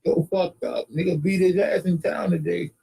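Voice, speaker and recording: A man voicing an excitable cowboy settler in a squeaky, agitated voice. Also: normal speed, vocal fry, husky, full character voice, rough recording.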